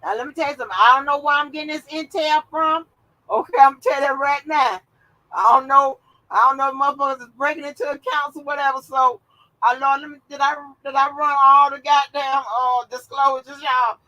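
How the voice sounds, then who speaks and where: A woman's voice: high voice, steady tone, brisk, sharp tone, low-quality recording. A woman hosting a live stream, giving blunt, profane commentary and reacting as she reads posts aloud.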